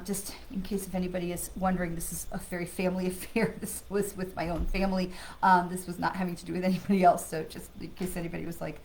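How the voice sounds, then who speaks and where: A middle-aged woman hosting a live stream as a psychic medium, talking to viewers in an earnest, animated way that often restarts and corrects itself. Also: mid-range voice. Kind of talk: casual live-stream talk.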